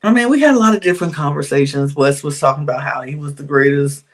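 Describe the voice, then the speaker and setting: A woman's voice: sits low, fast talker. A woman hosting a podcast, giving a candid, chatty recap of a reality show, with frequent sighs and laughs. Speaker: podcast host.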